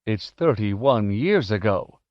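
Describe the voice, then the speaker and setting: A man reading an audiobook, voicing a gruff, disbelieving old father. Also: lowish voice, animated, slow, a little mellow, dry recording, highs cut off.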